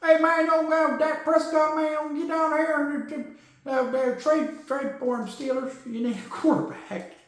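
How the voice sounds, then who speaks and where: A Texan man who mumbles and slurs his words in a quick, tumbling ramble, as a podcast host puts him on. His voice sits high, and it rings around a very echoey room. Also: fairly even intonation. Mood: rambling. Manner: rapid slurred mumbling. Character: fast-mumbling Texan man doing a cartoon-style voice.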